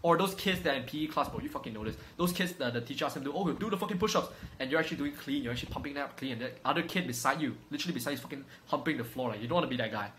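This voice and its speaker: A man's voice: medium pitch, very fast, few pauses, bright, forceful tone, slight background noise, poor audio. A young man lecturing on fitness straight to camera in a brash, swaggering way, swearing constantly and calling the viewer bro. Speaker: fitness coach. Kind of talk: profane casual lecture to camera. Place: room at home.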